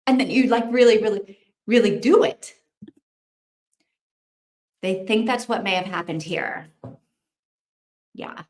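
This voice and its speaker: A woman's voice: medium pitch, unhurried, pauses often, darkish tone, echoey room. A woman hosting a casual livestream, chatting, thinking aloud and reacting to viewer comments. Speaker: livestream host.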